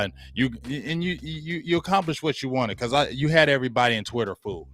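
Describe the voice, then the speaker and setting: A man's voice: medium pitch, normal speed, hardly any pauses, a bit bright, soft background music. A man hosting a sports talk show, giving blunt, slangy opinions and repeating points for emphasis.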